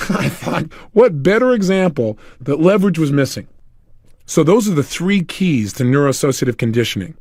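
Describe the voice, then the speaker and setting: At a moderate pace, this man gives a motivational audio talk in a voice on the high side, bringing his story to life by performing each quoted person. There's no room sound, just a clean studio recording.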